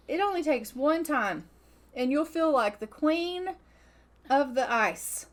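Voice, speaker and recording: Narrating her Sims gameplay, a young adult YouTuber keeps things casual and talkative, swearing liberally while she voices her character. Her voice sits high with lively intonation, and her pace is slow.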